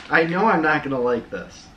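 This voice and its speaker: A man's voice: fairly high pitch, lively intonation, unhurried, sharp tone, roomy sound. A man with a dry, blunt, teasing manner, trying sweets in casual chat. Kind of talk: casual taste-test chat. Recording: noisy home recording.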